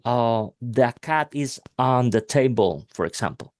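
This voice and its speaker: Guy teaching english, slow w lots of uh's, mid voice, dry close mic. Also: mid-range voice, animated, darkish tone, dry recording. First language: Spanish. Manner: hesitant, many fillers, slow deliberate phrasing. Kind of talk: casual language lesson.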